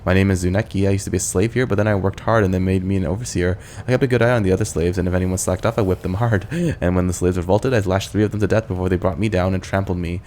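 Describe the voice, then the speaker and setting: A man's voice: sits low, fairly even intonation, quick pace, hardly any pauses, darkish tone, a little hiss or hum, natural voice. A man voicing a frightened male demon overseer turned cook who babbles in a rush. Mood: fearful.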